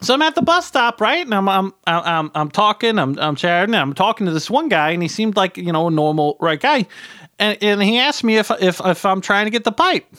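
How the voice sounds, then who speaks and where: A man's voice: high-pitched, expressive, fairly quick, sharp tone, clean tone, no room sound, clean studio sound. A middle-aged man telling a rambling comic story as a podcast guest, stumbling over repeated words and tagging his lines with "right?".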